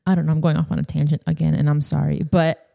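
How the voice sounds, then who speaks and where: A woman's voice: deep voice, little pitch movement, fast talker, gravelly, mellow. A young woman hosting a solo podcast, talking in a rambling, emotional way and often losing her train of thought. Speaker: podcast host.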